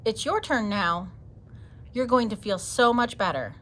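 Lady voicing a kind patient sheepdog from a picture book, coaxing, lively pitch. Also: a little slow, slight background noise.

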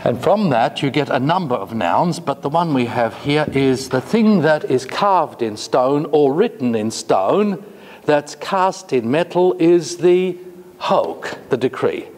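A man giving a classroom lecture, talking slowly and hesitantly with many fillers and asides. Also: a little high, big pitch swings, a little mellow. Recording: long reverb, faint noise.

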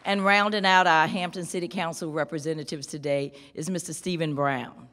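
A woman from a school board giving a measured, emphatic formal speech at a ceremony. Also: deep voice, fairly even intonation, a bit bright, a little hiss or hum. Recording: reverberant hall.

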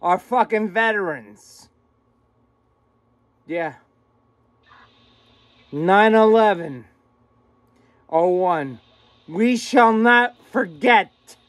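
In a vlog filmed in a room at home, a man rants angrily to the camera, agitated, swearing constantly and repeating himself. His high, expressive voice moves very slowly with long pauses. There is no echo.

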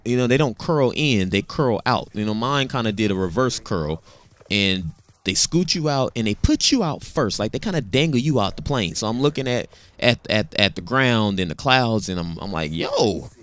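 A man in his thirties casually telling a personal story, animated and slangy, often repeating words as he talks. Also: on the low side, normal speed.

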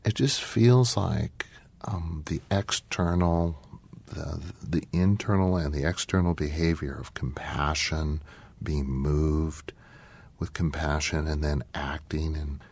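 A man with an extremely deep voice co-hosts a Christian talk show. He talks thoughtfully, pausing with ums as he draws on Scripture. The recording is dry and close, with no room sound. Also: vocal fry, darkish tone, breathy edge, no room sound. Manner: thoughtful, pauses with many ums, quotes Scripture. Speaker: co-host.

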